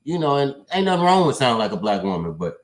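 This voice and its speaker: A man of middle pitch hosting a casual livestream panel. He sounds animated and skeptical and swears freely. The sound is roomy and echoey. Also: fast.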